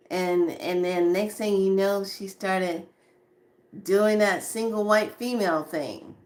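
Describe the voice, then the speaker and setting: Animated woman telling a story. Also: mid-range voice, slow. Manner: animated, repeats words and acts out quotes. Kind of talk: casual storytelling.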